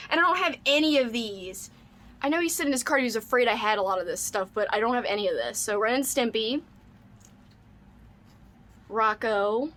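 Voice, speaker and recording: Excitable woman vlogger with a fairly high voice for a casual home unboxing chat. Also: brisk. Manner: gushing, excitable, squeals and laughs often.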